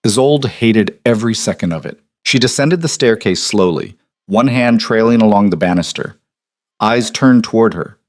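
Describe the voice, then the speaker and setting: A man narrating a historical romance audiobook in an even, measured storytelling manner. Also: lowish voice, dry recording, studio quality.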